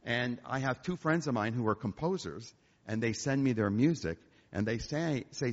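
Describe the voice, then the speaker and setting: Speaking at normal speed with a medium-pitched voice, an older man who is a concert pianist entertains a church-hall audience as a guest speaker. His stories are lively and full of jokes, captured in an echoey, dull lo-fi recording.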